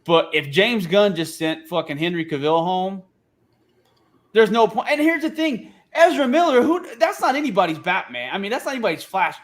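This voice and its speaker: High-voiced man ranting profanely. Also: moderate pace. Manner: opinionated, profane, animated banter. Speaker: podcast co-host. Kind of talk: casual chat.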